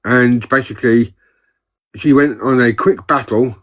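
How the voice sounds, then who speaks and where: A man's voice: mid-range voice, unhurried, a bit bright. Hesitant man chatting. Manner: hesitant, repeats words. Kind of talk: casual chat.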